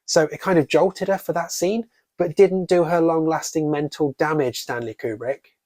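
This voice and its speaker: A man's voice: fairly high pitch, steady tone, moderate pace, a little mellow, dry recording. Male reviewer, sarcastic, casual swearing, dry close recording. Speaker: horror book and film reviewer.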